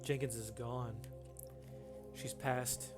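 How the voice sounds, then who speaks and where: A man's voice: mid-range voice, level tone, slow pace, music in the background. A man chatting casually as a tabletop game player, thinking aloud and often restarting his sentences. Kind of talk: casual chat.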